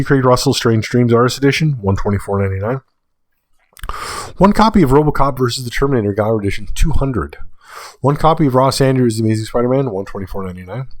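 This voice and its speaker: A man hosting a solo podcast, working through a long list of prices and adding dry asides as he goes. He sounds tired, as if recording late at night. His voice sits at an ordinary pitch and is recorded close and dry, with no room sound. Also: no echo. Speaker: podcast host.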